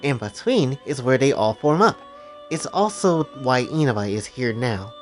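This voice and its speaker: A man voicing a haughty, sharp-tongued young female attendant in a fan story retelling. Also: medium pitch, big pitch swings, normal speed, soft background music, natural voice. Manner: commanding, condescending.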